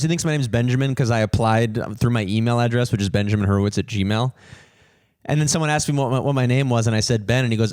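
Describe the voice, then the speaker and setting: Young guy ranting on a podcast, middle pitch, dry close sound, swears a lot. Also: quick pace, dry recording. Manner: animated, swears, mimics others in higher voices. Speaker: podcast host, comedian. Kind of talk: casual storytelling rant.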